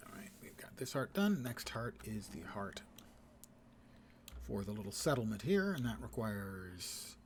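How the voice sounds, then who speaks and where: A man's voice: lowish voice, very animated, unhurried, slight background noise. A man giving casual, joking commentary while playing a video game on a live stream. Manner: wry, joking asides.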